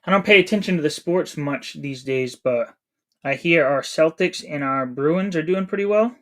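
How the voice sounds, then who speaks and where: A man's voice: on the high side, normal speed. A man in his thirties from New England, chatting casually with his live-stream chat while he plays a game. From New England, USA. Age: 30s. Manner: chatty, reads chat aloud while playing.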